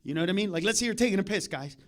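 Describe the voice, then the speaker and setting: A man performing a stand-up comedy set on a club stage through a handheld mic, talking in profane rants with loud bursts. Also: high-pitched, lively intonation, rapid-fire.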